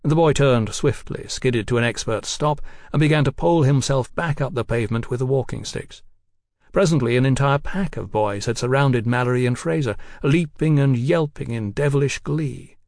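A man's voice: medium pitch, normal speed, no room sound. Man narrating in a dry, close voice. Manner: steady, even storytelling. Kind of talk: audiobook narration.

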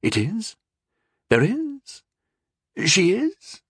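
A man's voice: a little high, big pitch swings, a little fast, no echo, studio quality, pitched above the performer's own voice. Man voicing a doubtful young student. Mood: confused.

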